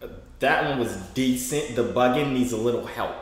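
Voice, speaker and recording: A man's voice: medium pitch, normal speed. A young American man chatting and teasing on a live video app, playful and mock-serious. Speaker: vlogger, livestream app host. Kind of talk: casual joking chat on a live video app. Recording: very echoey room with faint background noise.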